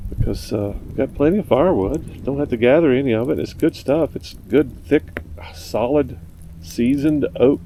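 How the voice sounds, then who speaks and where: A motorcycle vlogger rambles bluntly in a casual monologue at a mountain campsite, grumbling about other campers. His mid-range voice has a dark tone at normal speed, in a low-quality recording with faint outdoor noise behind it.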